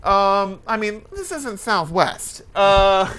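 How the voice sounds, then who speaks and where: A man's voice: high voice, takes it slowly, slight background noise. A man hosting a talk show, chatting casually and rambling through stories with many hesitations. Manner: rambling, hesitant, animated storytelling. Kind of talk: casual chat.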